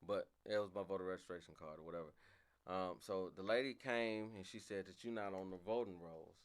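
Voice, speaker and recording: A man with a fairly low voice tells a story in a loose, casual way. He swears freely and often, and his voice climbs high and loud when he gets fired up, then drops back down again. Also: a little fast, clean tone. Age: adult, father of a young daughter. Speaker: podcast host.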